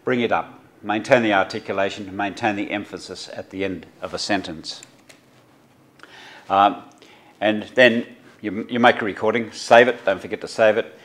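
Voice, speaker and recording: A man's voice: fairly low pitch, steady tone, a bit bright. A middle-aged Australian man, a journalism lecturer, giving an unscripted tutorial with many fillers and restarts. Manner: halting, many fillers and restarts, practical instructions.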